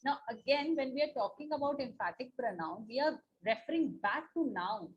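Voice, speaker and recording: The highs are cut off, but her high voice still sounds lively at a moderate pace. This woman with an Indian English accent runs an online class patiently, repeating herself and asking "na?" and "okay?" along the way.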